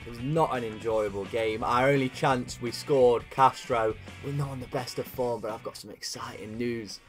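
A young man commentating his own football video game career with lively, animated energy and sudden shouts. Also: mid-range voice, normal speed. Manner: animated, shouts at big chances. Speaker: gaming YouTuber. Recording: faint guitar music behind.

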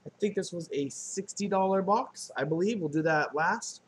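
A man's voice: high voice, normal speed. A man chatting casually while unboxing on camera, loose and joking with goofy profane asides, recorded on a laptop indoors. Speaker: unboxing vlogger.

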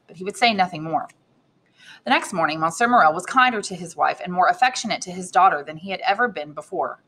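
A woman teacher reads a classic novel aloud, her tone bright and forward with a somewhat low pitch. She reads the narration steadily and lifts her voice noticeably for the characters' speech. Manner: expressive reading, raises pitch for quoted characters. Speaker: English teacher reading aloud.

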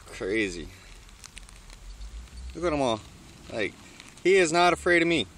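A man casually filming outdoors, talking excitedly to birds and swearing often. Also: on the high side, measured pace. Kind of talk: casual vlog narration.

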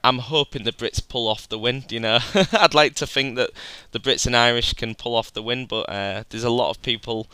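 A man's voice: mid-range voice, moderate pace, hardly any pauses, pushed and bright, clean tone, no echo. A man, a gaming channel host chatting casually over gameplay footage, rambling a little and often addressing viewers as "guys.".

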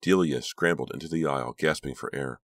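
Guy reading a horror audiobook, super deep voice, dry close mic. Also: fairly quick, dry recording. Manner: steady, dramatic reading. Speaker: audiobook narrator. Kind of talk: scripted narration.

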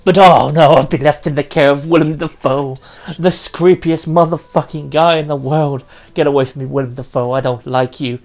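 A young woman giving loud, profane let's-play commentary while playing a co-op game with a friend. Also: low voice, fairly even intonation, normal speed, few pauses. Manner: heavy swearing, loud banter.

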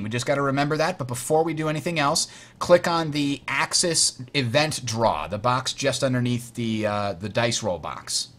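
A man with a mid-range voice walking a new player through a board game, explaining each rule as it comes up. He talks in a loose, chatty way, filling pauses with "uh" and correcting himself as he goes. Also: mid-range voice, fairly bright tone. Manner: explanatory, frequent uh fillers, self-correcting. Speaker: host teaching a board game. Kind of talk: tutorial while playing.

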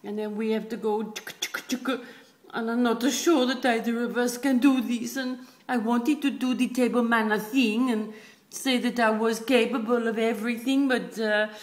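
A woman's voice: on the high side, fairly even intonation, moderate pace, natural voice. A woman voicing a prim, fussy stuffed dog. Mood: chatty. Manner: prim, indignant, chatty storytelling. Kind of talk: comic puppet narration.

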